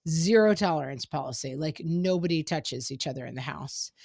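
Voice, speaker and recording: Woman podcast co-host, middle-aged, lowish pitch, dry close mic, chatty, acts out quotes. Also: animated, moderate pace, gravelly, darkish tone, no room sound. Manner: chatty, acts out quoted exchanges with her kids. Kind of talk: casual parenting chat.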